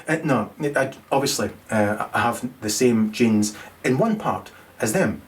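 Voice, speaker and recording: Unhurried and expressive, this middle-aged man's medium-pitched voice carries a crude, wandering stand-up routine. The comedian is full of swearing and stumbling restarts, and cracks himself up at his own jokes.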